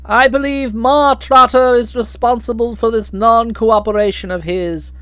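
A woman's voice: on the high side, fairly even intonation, measured pace, fairly bright tone, no room sound, voice pushed down. A woman reading an audiobook, voicing a blustering, hearty middle-aged aunt who talks in bluff, slangy outbursts. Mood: grumbling. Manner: bluff, hot-tempered, slangy.

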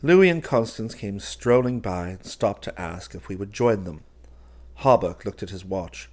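A man reading a gothic story aloud in the first person with dramatic, expressive delivery. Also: sits low. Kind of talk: scripted narration of a gothic story.

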